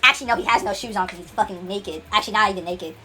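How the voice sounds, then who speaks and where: A woman's voice: mid-range voice, rapid-fire, sharp tone. Brief: casual female storyteller, rambling and dramatic, faint music bed. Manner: rambling, with many restarts and dramatic asides.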